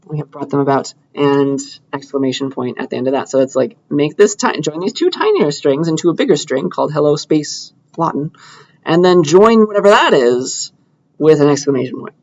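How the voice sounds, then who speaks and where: A man's voice: a little high, animated, brisk, muffled recording. A young man giving a casual computer science lecture, talking students through a coding demo while he clicks. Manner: casual, chatty, thinking aloud while clicking through code. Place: lecture hall.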